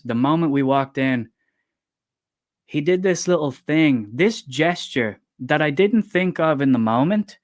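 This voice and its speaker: An Irish man from Dublin co-hosting a book channel's livestream chat, telling anecdotes with frequent laughter and casual swearing. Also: fairly high pitch. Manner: lively storytelling, laughs often, swears casually.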